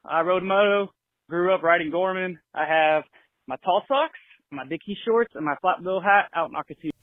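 A young man from California calls in to a show and leaves a friendly, laid-back voicemail. His voice sits high and comes through a thin, tinny phone line. The sound is dry, with no room around it. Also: normal speed, no echo. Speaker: caller. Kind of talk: voicemail to a podcast.

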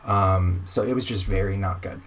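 Lower-voiced young man telling a wry story. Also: normal speed. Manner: animated, wry storyteller who acts out quoted exchanges. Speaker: guest telling a personal story. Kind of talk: casual conversational storytelling.

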